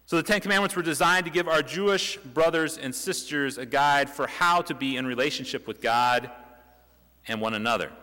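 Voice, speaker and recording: A young man preaches in a church sanctuary with a bright, forceful voice that sits on the high side. His style is conversational, peppered with rhetorical questions and restarts, and the hall around him is reverberant.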